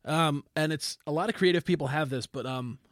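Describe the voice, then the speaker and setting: A man's voice: on the high side, brisk, no echo, studio quality. A young man co-hosting a casual podcast, blunt and opinionated with a self-mocking streak. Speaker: band member and podcast co-host. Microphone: studio microphone.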